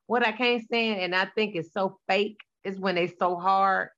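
A woman's voice: medium pitch, steady tone, unhurried, fairly bright tone, lo-fi sound. A woman in her forties, a guest in a casual conversation, telling blunt, colloquial stories about her sons. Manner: sassy, blunt storyteller, colloquial.

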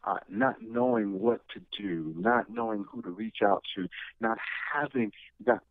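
A middle-aged man, a guest in an interview, talking in a motivational, animated way, often restarting his sentences. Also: fairly low pitch, unhurried, dry recording. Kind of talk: conversational interview. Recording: tinny phone line.

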